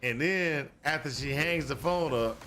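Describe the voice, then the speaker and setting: A man's voice: fairly high pitch, unhurried, pushed and bright, a little hiss or hum. A man casually telling a long personal story while playing a video game, rambling and repeating himself with lots of "you know". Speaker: gaming streamer.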